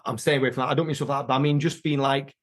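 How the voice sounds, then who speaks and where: A man's voice: mid-range voice, racing. Man telling stories casually. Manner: animated storyteller, acts out quoted voices. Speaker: interview guest, martial artist. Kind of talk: casual conversational storytelling.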